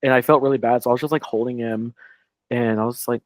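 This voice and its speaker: A man's voice: mid-range voice, steady tone, fast talker, dry recording. Man, casual podcast storytelling, rambling, lots of "like", dry close sound. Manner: rambling, heavy on "like", quoting others. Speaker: podcast co-host.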